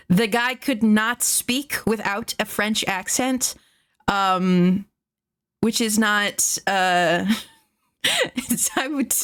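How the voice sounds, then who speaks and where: Chatty woman streamer with a higher voice. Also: a bit bright. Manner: rambling, full of fillers and profanity, laughs often. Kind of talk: casual storytelling chat.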